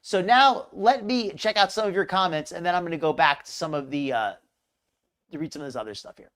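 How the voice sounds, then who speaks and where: The host of a live commentary show rambles chattily through a casual stream, greeting viewers in the chat. The voice is medium-pitched and fairly bright, moving a little fast.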